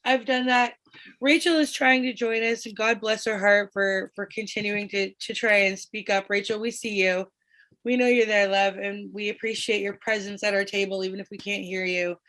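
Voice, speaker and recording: A woman hosting a casual group chat over a video call, talking in an animated, encouraging way. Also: medium pitch, moderate pace. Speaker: host.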